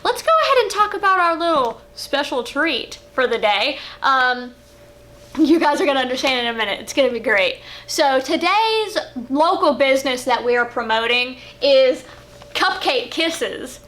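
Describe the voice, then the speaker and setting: A young adult woman co-hosting a vlog, telling stories in an animated, chatty way. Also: high-pitched, moderate pace. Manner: animated, chatty, with fillers and giggles. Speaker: vlog co-host. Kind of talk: casual storytelling chat. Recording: faint background noise.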